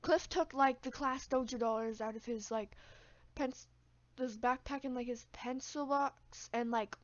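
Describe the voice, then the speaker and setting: A woman's voice: a little high, no room sound, muffled recording. A woman telling a story in a rambling, casual way, with crude jokes. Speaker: vlogger. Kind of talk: storytime vlog.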